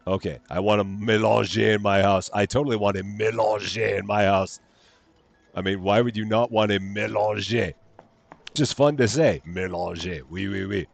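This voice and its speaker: A man's voice: lowish voice, steady tone, normal speed, gravelly, faint music behind. A man giving chatty, playful live commentary while streaming a game, reading its on-screen text aloud and joking along the way. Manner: chatty, playful, jokey asides.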